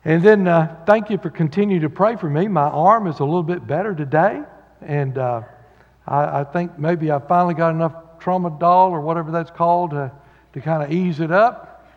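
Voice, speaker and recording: A man's voice: on the high side, normal speed. A man preaching a sermon as pastor, folksy and joking, with lots of fillers. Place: church sanctuary. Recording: dull sound with long hall reverb.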